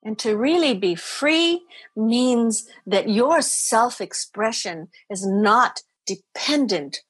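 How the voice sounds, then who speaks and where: A woman's voice: on the high side, expressive, takes it slowly, a bit bright, breathy edge, dry recording. A woman spiritual teacher speaking as a podcast guest, earnest and emphatic, often repeating her phrases for stress. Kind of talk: podcast interview.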